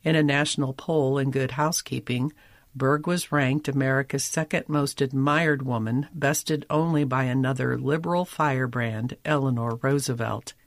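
A man giving scripted narration of a magazine feature, with a measured, articulate reading and wry emphasis. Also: medium pitch, fairly even intonation, no echo, studio quality.

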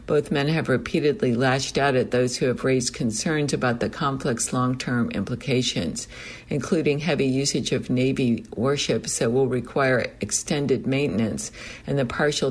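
Man reading a news report. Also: medium pitch. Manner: steady, measured read with a self-correction. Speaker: news reader.

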